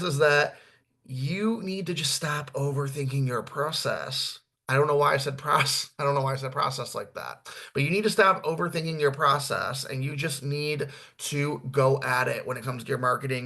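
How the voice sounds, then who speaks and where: A man's voice: mid-range voice, vocal fry, bright, forceful tone. A man who is a therapist, giving a blunt, casual training talk on marketing, swearing now and then and tagging his points with "right?".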